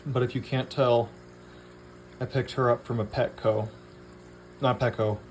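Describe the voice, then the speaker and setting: A man's voice: medium pitch, steady tone, unhurried, slight background noise. Rambling man chatting to his fish. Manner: rambling, talks to his fish, swears casually. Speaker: home aquarium keeper. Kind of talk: casual vlog chat.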